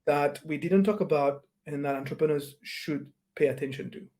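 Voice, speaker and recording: Mellow, hesitant man host. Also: fairly high pitch, normal speed. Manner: hesitant, searching for words. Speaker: podcast host. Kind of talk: interview questions.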